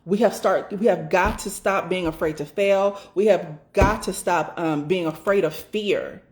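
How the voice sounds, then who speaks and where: A woman's voice: lowish voice, darkish tone. A woman giving a casual motivational talk as a doula business mentor, emphatic and repetitive, swearing freely and acting out her own inner thoughts. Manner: emphatic, repeats phrases for stress, swears freely; acts out inner thoughts in quick rushed asides.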